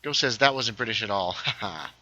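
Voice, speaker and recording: A man hosting a casual gaming livestream, chatting while he plays, reading viewer comments aloud and sometimes dropping into hushed asides. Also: lowish voice, a little fast, dull audio. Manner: lively, reads chat aloud, drops into hushed asides.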